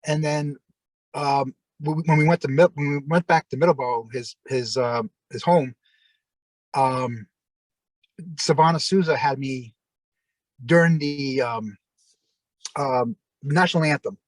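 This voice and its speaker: A man's voice: mid-range voice, a little slow, long pauses, no echo, low-quality recording. A middle-aged man, a former pro wrestler, telling rambling stories on a video call and acting out the voices of the people he quotes. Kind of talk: casual anecdotal storytelling.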